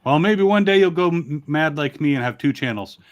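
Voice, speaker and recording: A man's voice: a little high, expressive, a little fast, dull audio. A man from Connecticut, a toy reviewer in a casual livestream chat, rambling and joking in a plain broadcaster-style manner over a video call.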